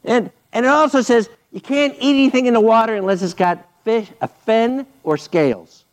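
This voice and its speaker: A man preaching a sermon, telling the story playfully and swinging between loud bursts and hushed asides. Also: very high-pitched, normal speed. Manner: animated, playful storytelling with sudden loud and quiet turns. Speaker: pastor.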